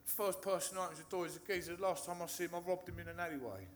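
A man's voice: high-pitched, rapid-fire, fairly bright tone, a little hiss or hum. A man, a recovering addict candidly telling his story, swearing, laughing and mimicking the people in it.

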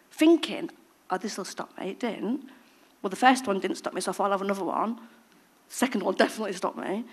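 A woman tells her recovery story with animated, expressive delivery. She acts out the voices of people she quotes, and her volume swings from loud to barely a hush. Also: a little high. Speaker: speaker sharing recovery story. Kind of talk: personal recovery testimony.

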